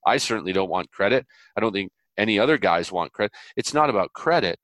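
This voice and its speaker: Man, interview guest, lowish pitch, dry close sound, earnest preacher-like storyteller. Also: fast talker, no echo. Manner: earnest, animated storytelling with voiced quotes; preacherly, biblical illustrations. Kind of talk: conversational interview.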